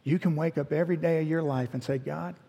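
With a quick pace and a rather high, gravelly voice that has a breathy edge, a middle-aged pastor animatedly tells a sermon story and voices the characters in it. A long hall reverb colors the recording.

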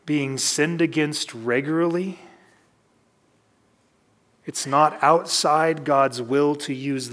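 A man preaching a sermon in a relaxed, conversational teaching style, working through a scripture passage. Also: fairly high pitch. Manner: conversational teaching, reads scripture aloud, varied pacing. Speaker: pastor. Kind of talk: expository sermon.

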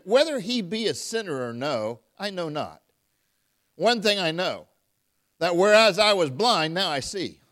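A man's voice: high voice, sharp tone. A man preaching a sermon, reading scripture aloud and calling out to his congregation. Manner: emphatic, calls out to the congregation; reads scripture aloud in King James wording.

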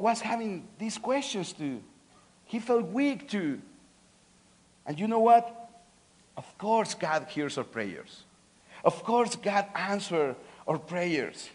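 A man, swinging between loud pleading and soft earnestness, often restarting and repeating words. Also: high voice. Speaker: preacher. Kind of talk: sermon.

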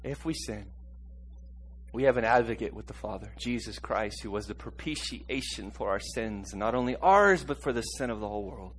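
In this sermon, the preacher's lively intonation swings from soft, slow delivery to loud, high-pitched eruptions. He laughs lightly again and again and calls on the congregation to echo him, over slight background noise.

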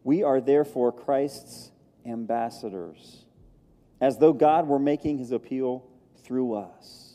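A male pastor delivers a sermon in a church sanctuary, building emphasis through repeated phrases. His voice is very dark and mellow, and it rings out with the long reverb of a large hall. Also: mid-range voice, slow. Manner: emphatic, repetitive preaching cadence.

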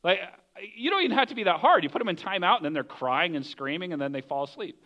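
A man preaching a sermon as pastor, telling the story in a lively way and acting out the voices of the people in it. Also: sits high, fast, muffled recording. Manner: animated storytelling, acts out voices of characters.

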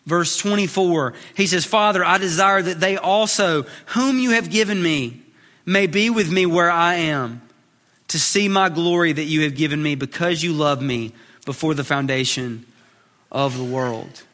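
A man's voice: fairly high pitch, measured pace, a bit bright, long reverb tail. A man preaching a sermon as pastor, earnest, often repeating words as he starts a phrase.

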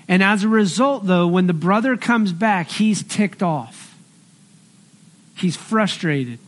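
High-voiced male pastor preaching. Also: slow. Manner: earnest, conversational preaching with personal stories. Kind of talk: sermon.

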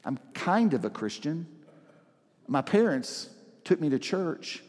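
A man's voice: a little high, sing-song, slow pace, a little mellow. A man, a pastor, preaching a sermon in a conversational, storytelling way with dramatic emphasis, from what sounds like a church sanctuary. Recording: reverberant large hall.

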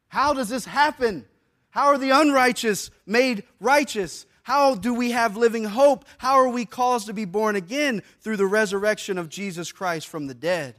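A man preaching a sermon to a church congregation in a conversational way, using casual slang and swinging between soft and loud passages. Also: high voice, normal speed. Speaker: pastor. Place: church service before a congregation.

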